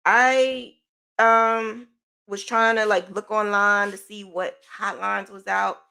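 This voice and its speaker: Middle-aged woman podcaster, gravelly voice, rambling chatty storytelling, sighs a lot. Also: medium pitch, takes it slowly. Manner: animated, chatty, with sighs and self-corrections. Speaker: podcast host. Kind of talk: casual personal storytelling.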